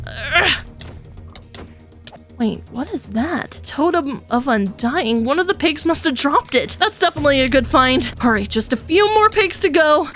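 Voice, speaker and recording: Excitable high-voiced woman gamer. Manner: excitable, gasping, chatty. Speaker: gaming YouTuber. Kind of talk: Minecraft let's play with roleplay. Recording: faint music underneath.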